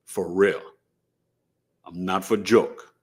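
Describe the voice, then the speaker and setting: A man's voice: low-pitched, takes it slowly, breathy edge. Emphatic New man hosting a stream. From New York City. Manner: animated, emphatic, slangy, boastful. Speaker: astrology show host. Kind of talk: casual live-stream chat.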